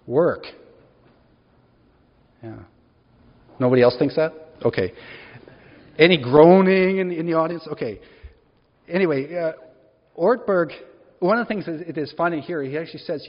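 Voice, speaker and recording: Husky-voiced man preaching in an echoing hall. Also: a little high, moderate pace, long pauses. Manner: conversational, asks the congregation questions. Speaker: pastor. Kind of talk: sermon. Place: church hall. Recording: echoey hall, dull lo-fi sound.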